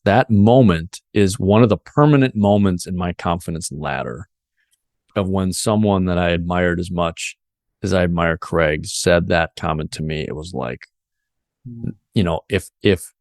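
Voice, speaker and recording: A man with a lowish voice hosts a podcast interview and tells an earnest personal story, picking up speed and restarting sentences as he goes. The sound is dry and close, with no room around it. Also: no room sound. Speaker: podcast host.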